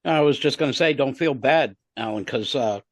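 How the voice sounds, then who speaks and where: A man in his sixties co-hosting a casual podcast, halting and self-deprecating, full of fillers. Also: mid-range voice, no room sound. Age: 60s. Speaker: podcast co-host.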